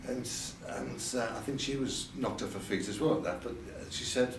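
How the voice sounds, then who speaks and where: A gravelly, mid-range voice belongs to an older man recalling his past at normal speed with few pauses in a candid interview at an event venue. Still, he hesitates, repeats words, and lifts his voice to quote others. The distant mic makes it roomy, with faint ambience and a little hiss or hum.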